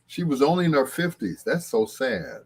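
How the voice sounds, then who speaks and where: A man's voice: on the high side, expressive, normal speed, creaky, slightly rough. An older man hosting a late-night show, chatting casually and rambling with frequent chuckles. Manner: chuckling, rambling, bursts into sung snippets. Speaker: host.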